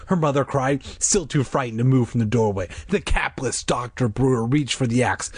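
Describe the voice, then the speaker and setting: A man's voice: mid-range voice, moderate pace, hardly any pauses, husky, dry recording, clean studio sound. A man reading a children's horror book aloud casually, putting on voices and joking between lines. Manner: reads aloud with exaggerated character voices and joking asides. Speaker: amateur reader.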